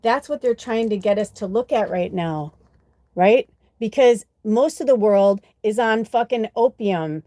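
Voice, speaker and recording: A woman's voice: medium pitch, measured pace. A woman hosting a spiritual live stream, chatting casually and animatedly with lots of fillers and curse words, sometimes mimicking other people's voices. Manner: animated and profane, many fillers, quotes voices in mock tones. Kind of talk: casual live stream chat with tarot reading.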